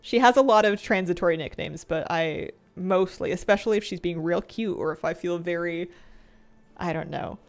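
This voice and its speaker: A young adult woman streaming a game, chatting casually and rambling, often laughing and trailing off into soft mumbles. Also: on the low side, normal speed. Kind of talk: casual chat while gaming.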